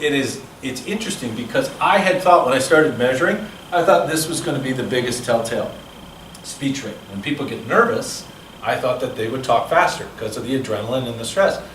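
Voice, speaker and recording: A man's voice: medium pitch, fairly quick, a bit bright, a little hiss or hum. A male speaking coach leading a seminar, explaining measurements in a chatty, explanatory way and answering questions. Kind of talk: seminar lecture. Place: seminar room. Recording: echoey room, from a distance.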